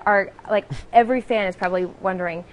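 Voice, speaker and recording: A woman's voice: medium pitch, fairly even intonation, fast talker, lo-fi sound. Bubbly woman co-hosting a chat show. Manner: bubbly, gushing, playful. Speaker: co-host. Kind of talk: casual talk-show chat.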